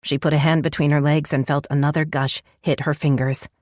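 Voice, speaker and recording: A woman narrating an audiobook romance in a measured storytelling voice. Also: sits low, level tone, darkish tone, no echo, clean studio sound.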